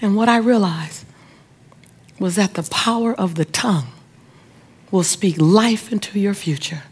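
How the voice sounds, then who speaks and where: Woman, middle-aged, motivational speaker, medium pitch, emphatic repeated phrases, speaks to the audience. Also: a little slow, slightly rough. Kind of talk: inspirational speech with personal storytelling.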